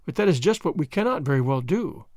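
A man reading an audiobook, voicing a sly, sarcastic French agent who speaks quietly with mock gallantry. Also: on the high side, lively intonation, quick pace, no room sound, clean studio sound. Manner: quiet, smooth, mockingly gallant. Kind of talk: audiobook character voice.

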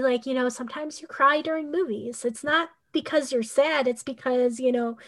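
This human design coach has a high voice with a fairly bright tone, chatting casually in a podcast conversation. Her rambling speech leans on "like" and "you know," broken by the odd sarcastic aside.

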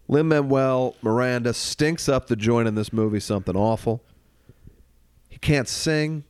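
A man co-hosting a podcast, chatting loosely about movies with quick jokes, bursts of mock singing and frequent laughter. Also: medium pitch, huge pitch swings, darkish tone, clean tone, no echo. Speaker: podcast co-host. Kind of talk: casual comedic movie chat.

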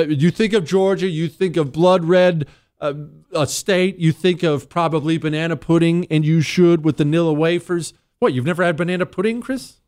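A man's voice: on the high side, dry recording, studio quality. A man hosting a talk radio show, telling stories and news in a casual monologue with sarcastic jokes aimed at his producer. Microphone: studio microphone.

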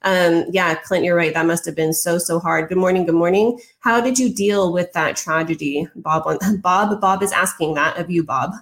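Female host for a live-stream interview, slightly low pitch, echoey room sound. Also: steady tone, moderate pace, few pauses. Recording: roomy echo.

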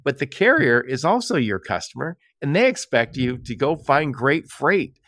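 A man from Michigan hosts a casual podcast, speaking in a mid-range, sing-song voice at normal speed with a slightly bright tone. He's a chatty storyteller who acts out quoted exchanges and laughs often. The recording is studio quality with no room sound.

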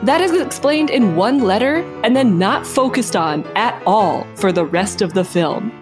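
Over music, a young female podcast co-host with a medium-pitched, expressive voice recaps a film at a measured pace. The chat is casual and laugh-filled, and she plays around, laughing often and voicing characters in quotes.

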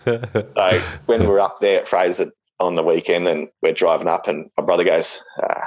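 A middle-aged Australian man with a very low voice spins a rambling, jokey yarn, stumbling through fillers and restarts. The recording sounds dull and lo-fi. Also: fairly even intonation, normal speed, a little mellow. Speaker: interviewee. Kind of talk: casual storytelling.

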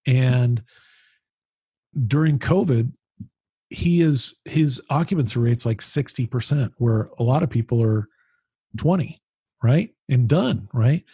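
Man, very husky voice, dry close sound, animated rambling storyteller, podcast guest. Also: mid-range voice, slow, long pauses, no room sound. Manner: animated, rambling anecdotes with frequent restarts and mild swearing. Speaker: podcast guest, founder of a business mastermind group. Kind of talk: casual storytelling conversation.

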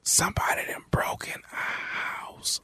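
A man's voice: a little slow, sharp tone. A man playing a frightened young man who hides in a closet and whispers and sobs during a prank phone call. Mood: scared whisper. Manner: panicked whispering and sobbing. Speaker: radio prank caller.

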